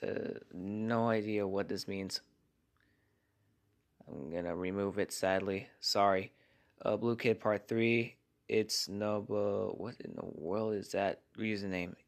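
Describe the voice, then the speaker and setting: A man reads viewer comments aloud in a casual vlog, keeping his voice low and hushed. His voice sits very low and has a gravelly fry. He is recording in his garage at home. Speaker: channel host reading viewer comments.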